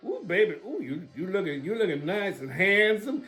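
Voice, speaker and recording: A man's voice: sits high, big pitch swings, moderate pace, a bit bright, heavily acted. A man doing a bawdy, cooing older woman. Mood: flirty. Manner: coos and teases suggestively.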